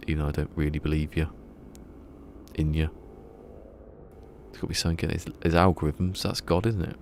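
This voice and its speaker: A man's voice: a bass voice, little pitch movement, a little fast, creaky, pauses often, darkish tone, a little hiss or hum. A man streaming a game and chatting casually to his viewers, rambling and laughing at his own jokes. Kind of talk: casual live-stream chat.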